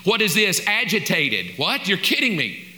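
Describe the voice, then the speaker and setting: A man's voice: high voice, very animated, normal speed, pushed and bright. A man preaching a sermon in a conversational, joking way, with asides of mock exasperation. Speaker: pastor.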